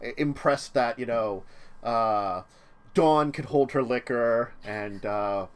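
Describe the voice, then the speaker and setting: A man's voice: mid-range voice, takes it slowly, clean tone. A man narrating a tabletop role-playing game as game master, rambling along with many fillers and restarts.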